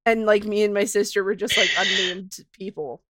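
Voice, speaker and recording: A young woman in her twenties, co-hosting a podcast, telling a childhood story in an animated way, laughing and swearing. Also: medium pitch, moderate pace, no room sound. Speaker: podcast co-host. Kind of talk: casual chat, storytelling.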